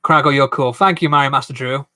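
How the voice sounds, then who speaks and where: A man's voice: mid-range voice, steady tone, fast talker, sharp tone. A man hosting a casual live stream while building a toy set, rambling and self-deprecating as he reads viewer comments aloud.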